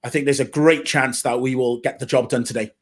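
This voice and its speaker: A man's voice: mid-range voice, fairly even intonation, brisk. Easygoing co-host man. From Wales, Cardiff. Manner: easygoing, laughs along, patient with teasing. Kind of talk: casual football watchalong chat.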